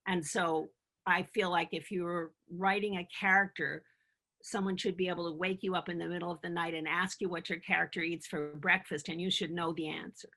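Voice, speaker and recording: A woman's voice: fairly low pitch, steady tone, brisk, sharp tone. An older woman, a TV comedy writer, speaking wryly in conversation and explaining the craft like a teacher. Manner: wry, laughs at her own stories, teacherly on craft. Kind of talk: conversational interview.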